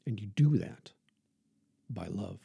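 Male preacher, gravelly and dark-toned, measured sermon reading with building emphasis. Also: fairly low pitch, animated, no echo. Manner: measured and earnest, halting pauses, rising emphasis when reading. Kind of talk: podcast reflection and sermon reading.

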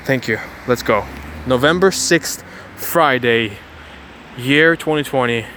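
A man's voice: mid-range voice, slow, sharp tone, a little hiss or hum. A man giving an emphatic motivational monologue to his viewers, repeating phrases and often restarting his words. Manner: emphatic and repetitive, speaks straight to viewers. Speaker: motivational vlogger. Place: outdoors, about to board a bus.

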